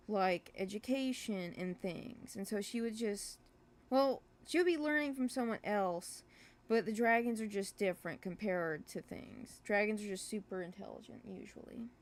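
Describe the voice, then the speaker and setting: A woman who makes a webcomic, chatting casually on a livestream in a rambling, hesitant way, full of fillers and restarts and quick to apologize for herself. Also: mid-range voice. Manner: self-deprecating, apologetic. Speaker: webcomic creator streaming live.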